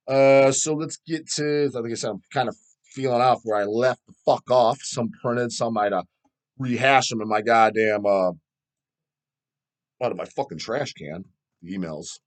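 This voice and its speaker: A man's voice: mid-range voice, moderate pace. A middle-aged man hosting a metal channel, ranting profanely and answering viewer questions. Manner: profane, animated, mocks people in put-on voices.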